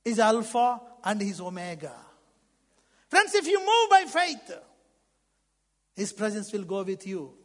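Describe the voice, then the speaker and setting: A male preacher with a very high-pitched voice delivers a fervent sermon, his phrasing plainly non-native. He surges loud, then drops to near a hush. The sound rings with the long reverb of a large church hall. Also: big pitch swings, measured pace, long pauses. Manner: fervent, swinging from loud to hushed.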